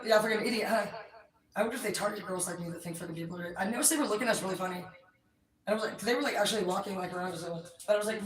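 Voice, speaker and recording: A woman's voice: mid-range voice, rapid-fire. A woman rants in a loose, wandering monologue, cursing in nearly every sentence. She sits some way back from the microphone, and her voice bounces around a roomy, echoing space. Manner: profane, swears constantly, rambling. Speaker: tarot streamer. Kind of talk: rambling casual monologue. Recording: echoey room, distant mic.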